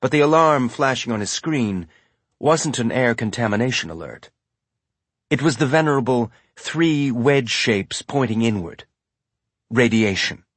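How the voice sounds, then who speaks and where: A man giving measured, scripted audiobook narration. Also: mid-range voice, animated, dry recording.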